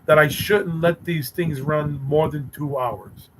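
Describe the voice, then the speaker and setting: A man's voice: on the high side, fairly even intonation, takes it slowly, noisy background. A man hosting a casual live stream, teasing and bantering sarcastically with his chat viewers.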